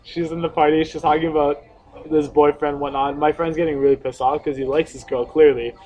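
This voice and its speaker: A man's voice: fairly high pitch, fairly quick, low-quality recording. A young man hosting a podcast, telling a story casually, swearing and laughing as he goes. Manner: profane, laughing, animated storyteller. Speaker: podcast host.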